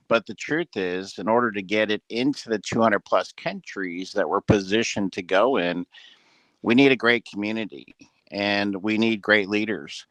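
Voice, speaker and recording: Low-voiced man giving an earnest pep talk. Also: fairly bright tone, dry recording. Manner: earnest, rambling with many fillers. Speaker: business leader addressing a team call. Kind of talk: motivational talk on a group call. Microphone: headset with ear monitor.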